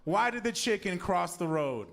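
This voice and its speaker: A man's voice: high-pitched, animated, moderate pace, gravelly, a bit bright. A man hosting a comedy show in a small venue, joking loosely and laughing at his own flops. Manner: laughing, self-mocking, loose banter. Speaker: show host. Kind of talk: hosting a comedy open mic. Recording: crowd and noise in a small venue.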